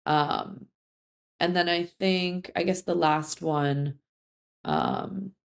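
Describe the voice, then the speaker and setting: Young woman, college coach, casual interview chat, lowish voice, rambling with fillers. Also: sing-song, extremely slow, gravelly. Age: young adult. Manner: chatty, many fillers and restarts. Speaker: head field hockey coach.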